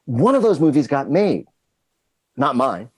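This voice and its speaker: A man's voice: medium pitch, very animated, unhurried, darkish tone, slightly rough, no echo. Man, guest storyteller, rambling, self-deprecating, dry close mic. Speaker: guest screenwriter. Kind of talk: casual anecdotal interview.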